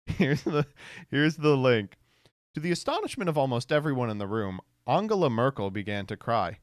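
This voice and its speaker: Animated, laughing man streamer. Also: mid-range voice, moderate pace, no echo, clean studio sound. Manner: animated, laughs often, swears. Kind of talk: casual reaction stream.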